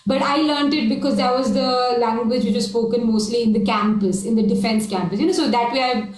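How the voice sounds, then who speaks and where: A woman from South India, an improv performer on a panel, telling her life story in a brisk way. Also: a little high, steady tone, a little mellow. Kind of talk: panel discussion. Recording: echoey room.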